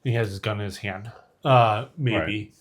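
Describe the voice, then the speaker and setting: In an unhurried, lowish voice, a podcast co-host retells a film scene during a laid-back movie recap. His talk is full of fillers and quoted lines.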